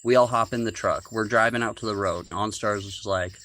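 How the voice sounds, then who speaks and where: A man's voice: on the low side, brisk, fairly bright tone. A man casually telling a long story from his own life on a podcast, rambling with fillers and restarts. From rural United States.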